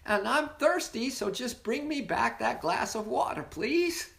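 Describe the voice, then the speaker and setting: With a creaky, mid-range voice and few pauses, the leader of a spiritual sobriety meeting held online tells inspirational stories at a measured, animated pace. The talk is warm, playful, and rambling, with words often said twice.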